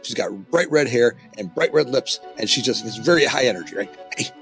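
A man's voice: medium pitch, lively intonation, brisk, gravelly, a bit bright, faint music behind. A middle-aged man talking candidly as a company founder in a podcast interview, often tagging his points with "right?".

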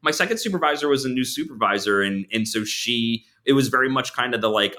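A man's voice: medium pitch, quick pace, hardly any pauses. A middle-aged man telling candid stories as a guest on a casual podcast chat, with many restarts. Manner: candid, animated storyteller with frequent restarts. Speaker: counselor supervisor, podcast guest.

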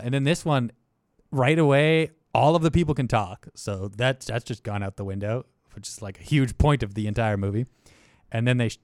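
A young man co-hosting a casual film podcast, enthusiastic and animated, dropping to mumbled asides and then jumping into excited, high bursts. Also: no room sound, studio quality. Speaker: podcast co-host. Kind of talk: casual film review chat.

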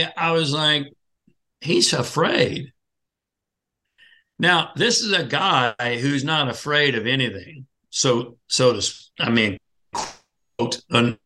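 A man's voice: on the high side, sharp tone. A man being interviewed, telling a personal story vividly and acting out the dialogue, often restarting his sentences. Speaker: podcast guest.

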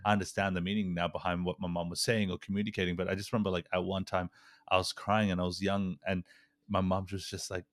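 A man with a very low, deep voice hosts a casual podcast chat, rambling through his stories with frequent restarts and fillers. The sound is close and dry, with no room echo. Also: flat delivery, fairly quick. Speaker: podcast host. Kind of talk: casual conversational interview.

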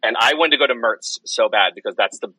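A man chats as a podcast guest, rushing through a rambling story with plenty of restarts. His voice is bright and a little husky. The recording is dry and close. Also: medium pitch, no room sound, low-quality recording. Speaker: podcast guest, comics writer. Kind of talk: casual chat.

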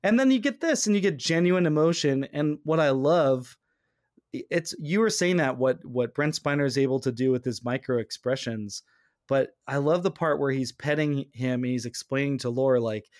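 A man hosting a podcast, chatting casually and lively, often slipping into quoted lines of dialogue. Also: medium pitch, moderate pace, dry recording, clean studio sound. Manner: animated, acts out quoted lines in character. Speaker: podcast host.

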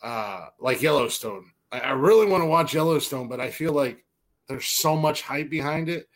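A man in a loose podcast chat, his voice at an ordinary middle pitch. He stumbles and restarts his sentences, drops the odd curse and keeps things laid-back. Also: animated, a bit bright. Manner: halting, restarts often, casual swearing. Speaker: podcast co-host. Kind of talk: casual chat.

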